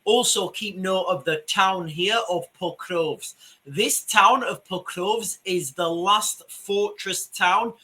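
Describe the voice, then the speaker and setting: A man with a Yorkshire accent gives emphatic screen-share commentary, often restarting phrases and calling his viewers ladies and gentlemen. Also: high-pitched, slow. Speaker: commentator on a video channel.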